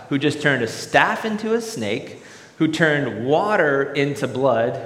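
Casual, animated male preacher; roomy, long-reverb hall sound. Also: mid-range voice. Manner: animated, acts out voices in examples. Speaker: pastor. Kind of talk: sermon.

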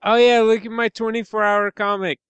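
High-voiced joking podcast host. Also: male voice, little pitch movement, brisk, fairly bright tone, clear, resonant tone, no room sound, highs cut off. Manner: jokey, rambling outro delivery. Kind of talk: casual chat.

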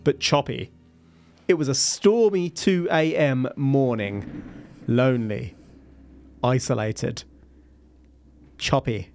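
A man's voice: medium pitch, slow pace, long pauses, faint music behind. A man telling a sea story to his co-host in a casual, wry way, with playful asides and laughs.

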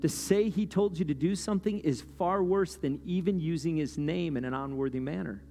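A man preaching a sermon in a loose, conversational way, often checking in with "right?" and climbing in pitch and volume as he gets worked up. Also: moderate pace, vocal fry, mellow. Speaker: pastor. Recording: long hall reverb with guitar playing underneath.

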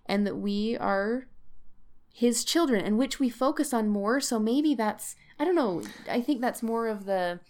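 A woman's voice: on the high side, measured pace, darkish tone. A woman co-hosting a scripture study podcast, thinking aloud in a thoughtful, hedging way. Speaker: podcast co-host. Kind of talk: conversational scripture discussion.

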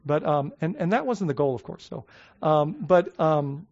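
A male pastor tells his story in a rambling, chatty way full of "like" and "um." His voice sits a little high for a man. When he reaches his main points he slows down and leans on each word, and the recording sounds a bit dull and lo-fi. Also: expressive, darkish tone. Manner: conversational storytelling with many fillers and restarts. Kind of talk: sermon.

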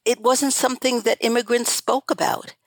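A woman's voice: on the high side, fairly even intonation, normal speed, dry recording, rough recording. An older woman, a guest on an interview show, telling her family story in an earnest, emphatic way that repeats phrases for stress. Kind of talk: conversational storytelling.

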